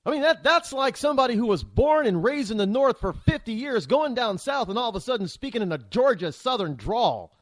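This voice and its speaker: Male talk host, fired-up opinion monologue, high animated voice, dry close sound. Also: fairly quick, few pauses, dry recording. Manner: heated, opinionated, rambling with frequent restarts. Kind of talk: political commentary monologue.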